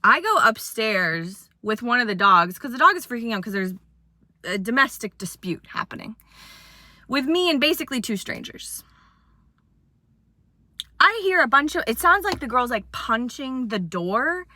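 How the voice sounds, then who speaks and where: A woman's voice: a little high, big pitch swings, normal speed, pushed and bright, no echo. A young woman in her twenties telling a funny dating story in casual chat, with dramatic retelling and sudden acted quotes.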